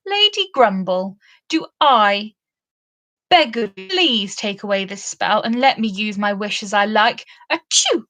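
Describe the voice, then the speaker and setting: A woman's voice: mid-range voice, animated, unhurried, a bit bright. A woman voicing a sulky young male pixie in a storybook reading, whiny and pleading.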